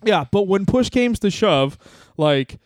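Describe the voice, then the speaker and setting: Man, comedy podcast co-host, casual and crude, slightly higher voice, dry studio mic. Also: lively intonation, slow pace, dry recording. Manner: rambling, crude, laughs often.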